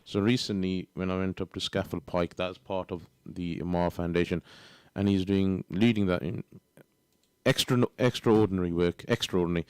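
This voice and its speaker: A man presenting on radio, measured in manner, reading out messages from listeners. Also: low-pitched, steady tone, clear, resonant tone, no room sound, clean studio sound. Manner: measured, reads out listener texts. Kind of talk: casual radio banter. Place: radio studio.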